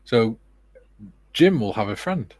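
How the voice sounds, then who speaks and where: A man with a British accent hosting a relaxed livestream, reading viewer comments aloud and chatting casually with joking asides. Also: mid-range voice, takes it slowly, dry recording. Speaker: livestream host.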